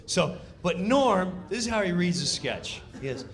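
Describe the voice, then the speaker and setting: A man telling a comedic story, acting out voices and countdowns in an animated way. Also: high-pitched, unhurried, few pauses, background noise.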